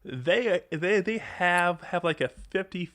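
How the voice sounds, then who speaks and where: A man's voice: sits high, lively intonation, takes it slowly, a bit bright, no room sound. Stammering male podcast host, dry sound. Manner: stammering, repeats words a lot. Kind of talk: casual chat.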